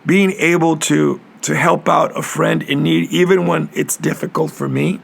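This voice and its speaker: A middle-aged man hosts his own podcast in a solo, reflective monologue. His voice is strongly gravelly with constant vocal fry, sitting a little high for a man. He talks earnestly, often repeating words as he gathers his thoughts. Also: steady tone, normal speed. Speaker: capoeira master and podcast host.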